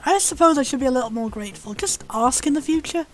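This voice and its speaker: A woman's voice: sits high, animated, quick pace. A British woman voicing a blunt, sassy young heroine in a video game. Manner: blunt, brash.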